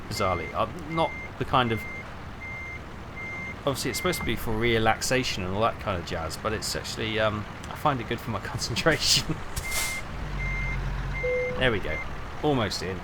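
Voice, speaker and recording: A man's voice: on the low side, expressive, fairly quick, background noise. A man streaming a truck driving game, rambling chattily and greeting viewers by name while he drives. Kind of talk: casual live-stream chat while driving.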